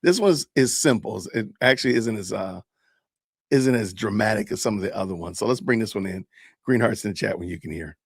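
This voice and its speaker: A man in his fifties hosting a podcast, joking in a casual, animated way and talking to his live chat as he comments on videos. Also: lowish voice, brisk, vocal fry, breathy edge, no room sound, clean studio sound. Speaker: podcast host.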